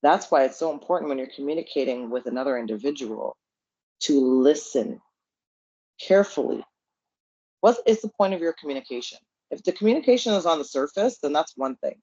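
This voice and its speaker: A man's voice: fairly high pitch, lively intonation, brisk, a little mellow, no room sound, dull audio. A man with a Canadian accent co-hosting a podcast, speaking earnestly and repeating his points for emphasis. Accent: Canadian English. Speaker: podcast co-host. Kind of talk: casual podcast chat.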